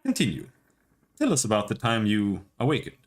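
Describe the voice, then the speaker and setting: A man voicing an excitable female scholar who studies souls, giving eager, clipped instructions. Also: on the low side, a little fast.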